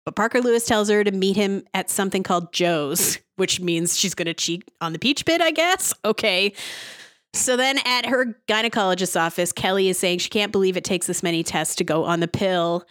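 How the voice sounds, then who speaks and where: A woman's voice: mid-range voice, fairly quick, a bit bright, no room sound, clean studio sound. A woman hosting a podcast and giving a casual TV episode recap in a sarcastic, giggly way. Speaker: podcast host.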